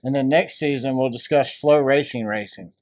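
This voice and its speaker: A man's voice: medium pitch, moderate pace, darkish tone, no room sound, clean studio sound. A man co-hosting a podcast, joking and laughing in casual banter. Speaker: podcast co-host.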